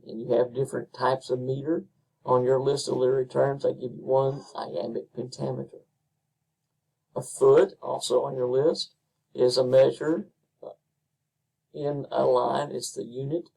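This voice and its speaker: Gravelly man lecturing from a distance. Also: medium pitch, darkish tone. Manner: unhurried, with frequent ums and uhs. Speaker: instructor. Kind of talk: recorded lecture.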